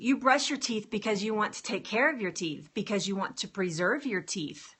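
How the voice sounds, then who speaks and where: A woman's voice: medium pitch, normal speed, fairly bright tone, husky. A woman health coach chatting casually on a live stream, upbeat and talking straight to her viewers about getting started with exercise.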